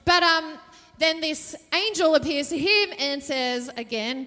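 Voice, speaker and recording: Woman pastor, jokey and conversational, high voice, reverberant hall sound. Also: a little slow, sharp tone. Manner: chatty and jokey, asks the audience questions. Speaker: preacher. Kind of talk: sermon. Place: church stage.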